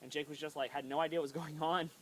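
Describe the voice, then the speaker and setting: Amid slight background noise, a vlogger with a low-sitting voice and fairly even intonation rattles off a funny family tale at speed. She giggles, leans heavily on "like," and performs the quotes as her friends laugh and jump in.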